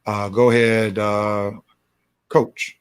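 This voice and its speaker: A man's voice: on the low side, level tone, takes it slowly, clear, resonant tone, dry recording. Easygoing sports talk host, man. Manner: easygoing, turns somber for tributes. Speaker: show host. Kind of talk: casual sports talk hosting.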